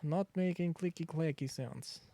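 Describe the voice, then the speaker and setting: A man's voice: fairly high pitch, normal speed, gravelly, warm tone, slight background noise. A young man streaming a survival game, rambling through chatty asides and cutting himself off mid-thought. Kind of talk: casual gaming commentary.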